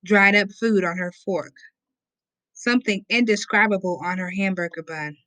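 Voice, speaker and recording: A woman's voice: mid-range voice, normal speed, pushed and bright, no echo. A woman reading a novel aloud in first person, with a casual, conversational storytelling manner. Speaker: audiobook reader. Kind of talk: first-person audiobook narration.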